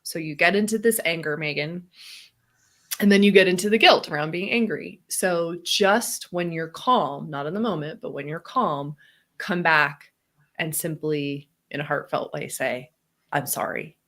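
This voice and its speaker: A woman co-hosting a casual, reflective podcast conversation, talking animatedly and acting out quoted voices with laughs. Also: normal speed. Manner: animated, acts out quoted voices with big pitch jumps, laughs often. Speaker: podcast co-host.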